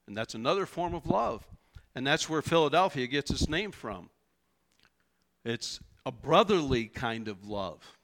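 Pastor, male: slow, bright delivery, conversational sermon with lots of asking back. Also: a little high. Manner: animated, conversational preaching with rhetorical questions. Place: church.

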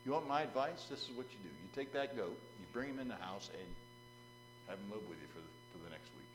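A man voicing a calm, knowing rabbi who gives matter-of-fact advice. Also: lowish voice, fast, music in the background, pitched below the performer's own voice, lightly acted.

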